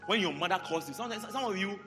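A man preaching a sermon, animated and repetitive, calling on members of the congregation by name. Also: high-pitched, fairly quick. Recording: large hall reverb, faint music.

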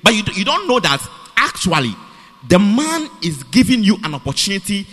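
A man's voice: high voice, very animated, normal speed, bright, forceful tone. A man preaching a sermon in a church, emphatic and repetitive, restarting phrases as he drives his point home. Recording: long reverb of a church hall.

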